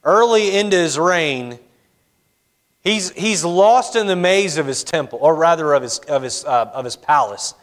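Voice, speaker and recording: A man preaching a sermon in a church, his voice sitting a little high for a man. He talks casually with his congregation, full of fillers and quick acted asides. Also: expressive. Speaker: pastor. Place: church sanctuary.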